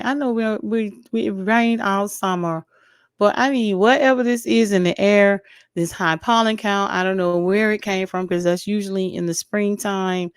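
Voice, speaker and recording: A woman's voice: medium pitch, normal speed, smooth, no echo, studio quality. Blunt woman vlogger with a weak, allergy-worn voice. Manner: blunt, opinionated, chatty, talks straight to viewers. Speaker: YouTube commentary host. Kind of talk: casual commentary vlog.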